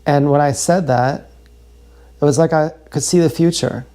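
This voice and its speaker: A man livestreaming a raw, emotional confessional monologue, halting and repeating his words. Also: fairly high pitch, steady tone, dark tone.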